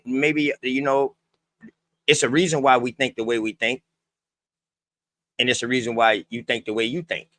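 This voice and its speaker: A man's voice: mid-range voice, bright, forceful tone, no room sound. A man hosting a casual group discussion, talking loosely in slang and giving earnest encouragement.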